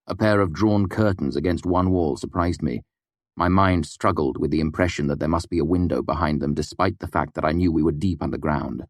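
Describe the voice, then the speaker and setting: Deep-voiced male audiobook narrator. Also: dry recording, studio quality. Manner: expressive storytelling. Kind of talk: scripted fantasy narration.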